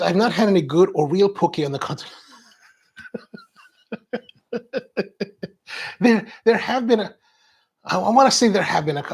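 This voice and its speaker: Gravelly, husky man rambling casually. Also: high-pitched. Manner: rambling, tangential, many restarts. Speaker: coffee show host. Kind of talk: casual chat.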